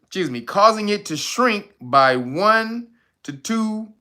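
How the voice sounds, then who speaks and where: A man's voice: sits high, lively intonation, slow, bright, forceful tone. A man hosting a livestream, reading a news item and riffing on it with crude jokes, laughing often and greeting viewers in the chat. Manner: laughs a lot, crude and rambling, reads chat names aloud. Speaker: livestream host. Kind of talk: loose comic commentary on a livestream.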